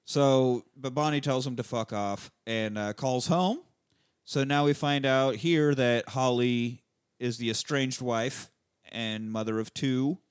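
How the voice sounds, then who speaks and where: A man's voice: medium pitch, steady tone, clear, resonant tone, no room sound, clean studio sound. Loose, profane man recapping a movie. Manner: loose, profane recap with quick impressions of characters. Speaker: podcast host recapping a movie. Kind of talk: casual chat.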